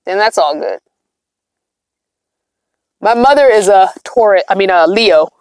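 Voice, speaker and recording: A middle-aged woman vlogger hosts a livestream, chatting casually with her viewers while tired and yawning. Her mid-range voice is animated and darkish at a measured pace, and she's emphatic and repeats herself. The recording is dry and studio quality.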